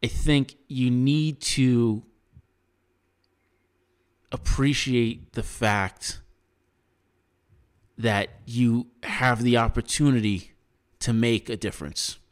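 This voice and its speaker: A man's voice: medium pitch, slow, long pauses, clear, resonant tone. An American man co-hosting a podcast, giving earnest opinions in casual chat with frequent restarts. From United States. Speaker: podcast co-host.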